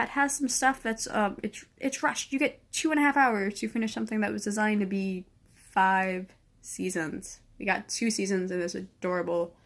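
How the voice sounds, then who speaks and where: A woman reviewing a show in a casual, gushing way, teary from crying, swearing freely and trailing off into soft whispers. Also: medium pitch.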